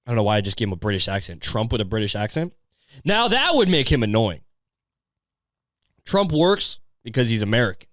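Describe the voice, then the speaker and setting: A man's voice: medium pitch, sing-song, a little fast, no room sound, studio quality. A man hosting a comedy podcast, ranting in a crude, sarcastic, rambling way. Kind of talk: crude casual rant.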